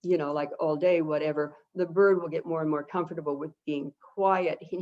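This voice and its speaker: A woman with a somewhat low voice gives expert advice on a webinar in a chatty, animated way. She often slips into acted-out lines as she explains things. The audio is dull and lo-fi, as from a video call. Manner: chatty and animated, acts out talking to birds. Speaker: avian behavior consultant, guest expert. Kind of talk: webinar advice, answering viewer questions.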